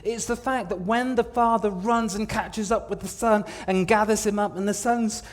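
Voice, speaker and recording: A man preaching a sermon in a church, telling the story dramatically, swinging from hushed to loud and repeating words for emphasis. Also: high voice, steady tone, normal speed.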